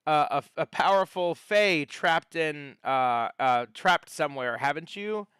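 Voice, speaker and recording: Wry, learned old wizard mentor played by a man, smooth voice. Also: on the high side, a little slow, a bit bright, no room sound. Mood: advising.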